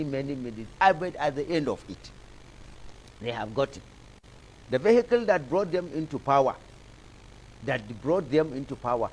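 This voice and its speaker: As a political analyst guest on a TV studio talk show, a Nigerian man delivers impassioned, rhetorical commentary, piling up repeated phrases. His high-pitched voice sounds mellow, and the low-quality recording carries a bit of hiss or hum.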